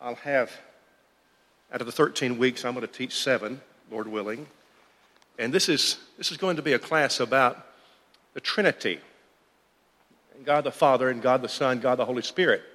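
A man's voice: mid-range voice, moderate pace, long pauses, fairly bright tone. Guy teaching a church bible class, talks it through as he goes, reverby hall sound. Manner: conversational, thinking aloud with restarts.

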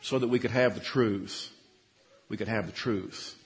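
A man's voice: lowish voice, measured pace, big-room sound. A man preaching a sermon, quoting scripture and asking his congregation questions, rising to emphatic peaks. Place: church sanctuary.

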